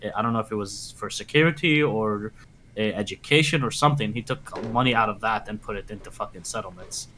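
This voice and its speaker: A man's voice: fairly low pitch, fast, bright, forceful tone, low-quality recording. Rambling man, faint background hum. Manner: rambling, filler-heavy. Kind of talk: casual debate chat.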